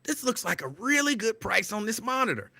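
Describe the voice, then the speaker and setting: A man's voice: sits high, big pitch swings, fairly quick, gravelly, sharp tone, voice pushed up, heavily acted. A man voicing a fawning, fussy male store clerk who pesters eagerly.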